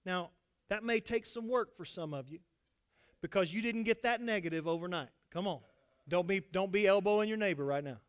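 A man preaching a sermon to his congregation as pastor, swinging between loud exhortation and quiet asides. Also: high voice, a little fast, clean tone.

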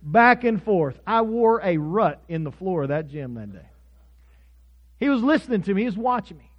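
A pastor from Oklahoma preaches a sermon to his congregation. He mixes scripture, prayer and personal stories in an earnest, heartfelt delivery. His voice sits high for a man, and the recording sounds dull and lo-fi. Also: sing-song, moderate pace.

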